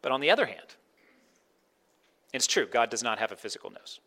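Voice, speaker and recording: A man's voice: mid-range voice, very animated, fairly quick, pushed and bright. A man preaching a sermon in a conversational way, often slipping into quoted voices to make his point. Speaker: pastor.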